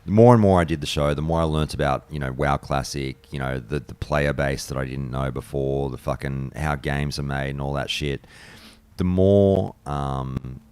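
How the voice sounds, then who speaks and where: A man's voice: rumbling low, normal speed, darkish tone, smooth, no room sound. A man chatting casually and bluntly on a live stream, swearing freely and rambling between thoughts. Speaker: streamer and podcast host. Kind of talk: casual live-stream chat while gaming.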